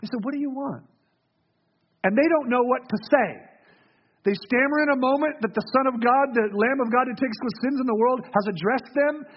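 High-voiced pastor preaching a sermon. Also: male voice, a little fast, muffled recording. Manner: storytelling, drops to soft hushed tones for emphasis.

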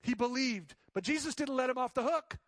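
Male pastor, higher voice, dry close sound, animated sermon storyteller who acts out quotes. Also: fairly quick, no room sound. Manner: drops to soft pleading tones.

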